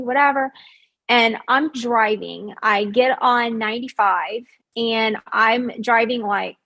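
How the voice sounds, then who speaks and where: A woman tells her own story as a guest, in a casual, lively way. She leans on "like" as a filler and acts out what she and others said. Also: a little high, moderate pace. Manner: animated, acts out quoted voices; frequent fillers like "like". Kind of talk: personal storytelling.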